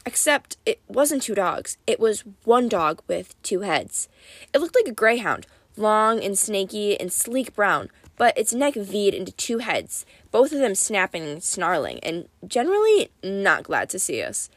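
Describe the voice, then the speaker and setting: A woman reading a first-person audiobook with wry, lively storytelling. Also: mid-range voice, a little slow, dry recording. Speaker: audiobook narrator.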